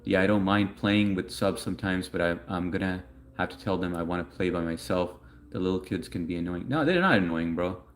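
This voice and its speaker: A man with a notably deep, low-pitched voice hosts a casual livestream. He chats loosely and rambles, reading viewers' messages aloud and answering them as he goes. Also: fairly quick, a little hiss or hum. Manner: rambling, chatty, reads chat messages aloud. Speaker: livestream host answering chat.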